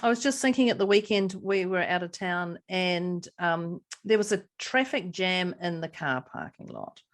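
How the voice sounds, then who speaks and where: A middle-aged woman, co-hosting a podcast in casual chat, a lively storyteller who laughs often. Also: lowish voice, moderate pace. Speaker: podcast co-host.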